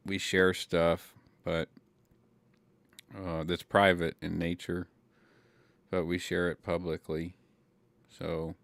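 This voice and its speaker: A man's voice: low-pitched, clean tone, dry recording. A man from California with a Californian accent, hosting a casual chat and answering viewers, rambling with many fillers and swearing freely. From California, Ventura County. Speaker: livestream host reading chat.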